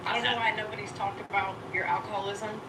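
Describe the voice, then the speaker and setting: A woman's voice: medium pitch, steady tone, fast talker, fairly bright tone. A woman on a livestream, defiant and profane, scolding critics in a confrontational rant. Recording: distant, echoey, noisy stream audio.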